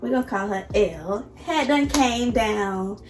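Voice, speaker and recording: A woman vlogger telling a personal story in an animated, emphatic way, addressing viewers directly. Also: mid-range voice, slow pace, reverberant. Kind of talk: casual storytime.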